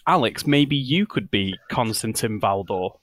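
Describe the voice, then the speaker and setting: A man's voice: fairly low pitch, animated, unhurried, dry recording. A man hosting a podcast, joking and setting up scenes in casual chat.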